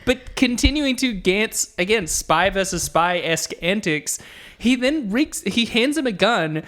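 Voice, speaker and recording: A woman co-hosting a comedy film podcast, wry and quick to laugh, with dry asides. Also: mid-range voice, expressive, fairly bright tone. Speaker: podcast co-host. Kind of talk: casual comedic chat.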